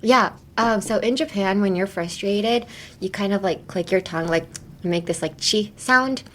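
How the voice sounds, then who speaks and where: A woman's voice: medium pitch, moderate pace, fairly bright tone, slight background noise. A young woman hosting a casual English pronunciation lesson, chatty and laughing often, full of fillers. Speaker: English teacher and podcast host.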